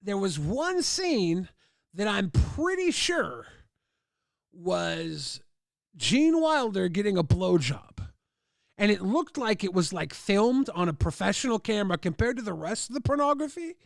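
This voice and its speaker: Male streamer, high gravelly voice, dry close sound, rambling crude storyteller. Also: big pitch swings, measured pace, no echo. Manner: rambling crude anecdotes with many "like" fillers; acts out others' lines in raised voices. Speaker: livestream host. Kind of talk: casual storytelling.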